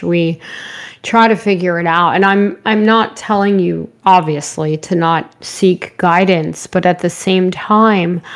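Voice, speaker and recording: A somewhat low-voiced woman hosts a live spiritual stream, slightly hoarse from talking. She rambles gently and greets her viewers one by one. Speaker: spiritual show host.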